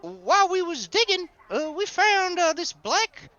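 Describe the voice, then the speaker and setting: A man's voice: extremely high pitch, sing-song, unhurried, bright, forceful tone, highs cut off, pitched above the performer's own voice, exaggerated voice. A man voicing Gus, an eager, chatty and simple-minded young male dinosaur rancher.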